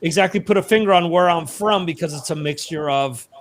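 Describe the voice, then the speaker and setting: Host: American man, high-pitched, chatty, restarts a lot. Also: a little fast, a little hiss or hum. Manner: chatty, rambling with many restarts. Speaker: podcast host. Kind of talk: casual livestream chat.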